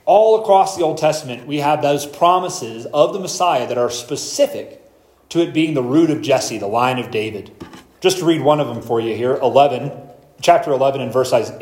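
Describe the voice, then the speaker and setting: A pastor preaching an expository sermon, explaining scripture verse by verse and reading passages aloud slowly. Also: male voice, mid-range voice, a little mellow, echoey room, poor audio.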